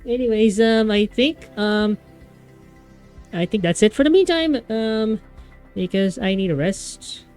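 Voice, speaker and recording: A young adult streamer talks casually to viewers, rambling along with plenty of fillers and false starts. The voice is smooth and clear, pitched in a middle register, with faint music underneath. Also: expressive, unhurried, darkish tone. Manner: rambling, with many fillers and restarts. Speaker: VTuber streamer. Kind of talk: casual livestream chat.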